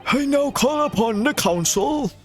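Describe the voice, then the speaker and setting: A man voicing a stern elderly male British judge who makes pompous, booming declarations. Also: animated, a little slow, a bit bright, faint music behind, heavily acted. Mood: formal.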